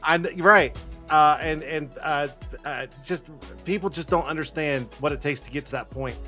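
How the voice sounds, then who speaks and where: A man's voice: on the high side, normal speed, sharp tone, faint music behind. A man hosting a casual chat show, rambling with repeated phrases and lots of fillers. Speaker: host.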